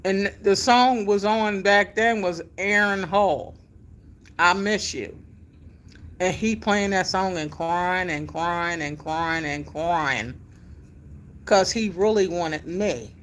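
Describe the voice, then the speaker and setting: Animated storytelling woman, middle-aged. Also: on the low side, takes it slowly, a little hiss or hum. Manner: animated, conversational, with emphatic exclamations. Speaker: vlogger telling her life story. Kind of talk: casual storytelling.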